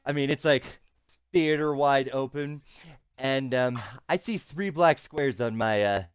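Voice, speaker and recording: Clear-voiced male game master. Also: medium pitch, measured pace. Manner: hesitant, many ums. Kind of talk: narrating a tabletop game. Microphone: voice chat call.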